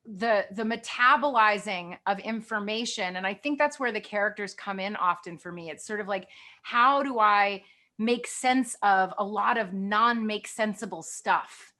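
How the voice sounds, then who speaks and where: A middle-aged woman, a guest actress, talking candidly in a lively, expressive way and laughing often. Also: medium pitch, measured pace. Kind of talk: candid conversation.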